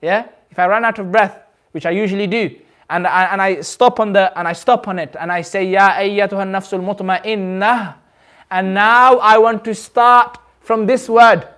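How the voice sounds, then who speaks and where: A man with a notably high voice leads a recitation class in a community centre. He explains each rule slowly and patiently, repeats himself, and checks understanding with questions to the room. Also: pushed and bright. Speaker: Quran recitation teacher. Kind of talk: classroom teaching.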